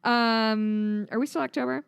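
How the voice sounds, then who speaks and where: A woman's voice: on the high side, unhurried, creaky, clear, resonant tone, no room sound. A woman co-hosting a podcast in casual chat, blunt and swearing freely, drinking wine as she talks. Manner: blunt, swears freely, acts out quoted voices. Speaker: podcast co-host.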